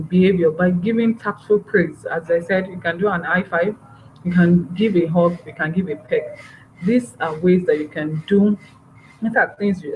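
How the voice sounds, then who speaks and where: A woman giving a parenting workshop, talking earnestly and repeating her phrases. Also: on the low side. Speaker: parenting trainer. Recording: dull, slightly noisy recording.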